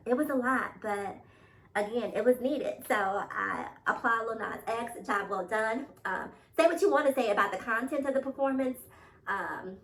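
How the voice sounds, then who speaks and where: A woman's voice: fairly high pitch, slight background noise. A woman vlogger giving casual reaction commentary, emphatic and chatty, laughing between her points. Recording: roomy sound from a distant mic.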